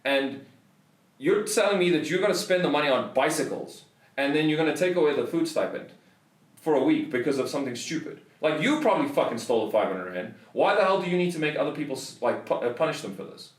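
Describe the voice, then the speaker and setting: A South African podcast host with a slightly high voice and lively intonation talks fast, recorded from a distance in a reverberant space. Telling a casual story, he swears a lot in a heated rant.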